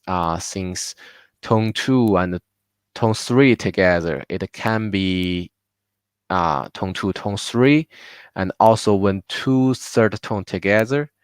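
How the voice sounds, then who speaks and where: A man with a Chinese accent, Mandarin his first language, teaching pronunciation and saying each word several times. His voice sits low and moves slowly. It is smooth and clear, recorded close and dry with no room sound. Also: no echo. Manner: patient, repeats words slowly for learners. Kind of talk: live online language class. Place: home.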